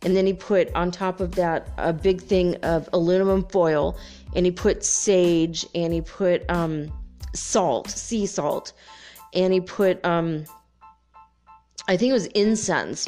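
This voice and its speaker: A woman hosting a spiritual podcast tells a personal story in a lower voice, animated and emotional, often breaking into laughter. Faint music plays under her talk. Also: unhurried.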